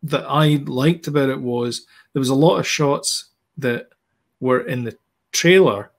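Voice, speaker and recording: A talkative man co-hosting a podcast, explaining at length and circling back with fillers and restarts. His voice sits at an ordinary middle pitch. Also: a little slow. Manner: chatty, many fillers and restarts, explains details. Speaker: podcast co-host. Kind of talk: casual chat.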